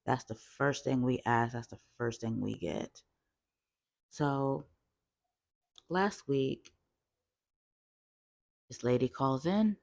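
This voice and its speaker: A woman telling a call-center story in a chatty, animated storytime vlog, full of fillers. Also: a bass voice, slow, gravelly, long pauses.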